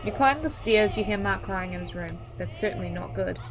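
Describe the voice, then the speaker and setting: A woman's voice: mid-range voice, fairly quick, over music, rough recording. A young woman gaming creator reading an interactive horror story aloud, chatty and reactive, with startled outbursts as she comments between lines. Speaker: gaming YouTuber.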